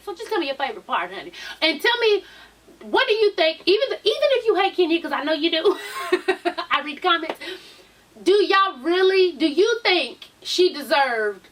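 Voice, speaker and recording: A high-voiced woman chats casually through a reality-show recap. She is animated and profane, and she laughs as she acts out quotes. Her voice sits a bit far from the mic. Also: normal speed.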